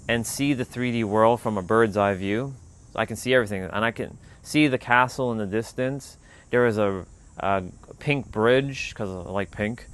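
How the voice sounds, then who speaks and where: A man whose voice sits on the low side tells a personal story on his spiritual livestream. His delivery is loose and rambling, peppered with "like."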